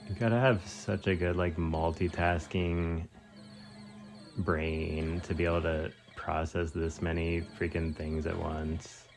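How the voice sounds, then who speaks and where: A male streamer, a native Spanish speaker, comments casually on a game in a deep, unhurried voice. He drops slang and exclamations, trailing off with fillers now and then. Faint game music plays under him. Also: flat delivery. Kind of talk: casual live gameplay commentary.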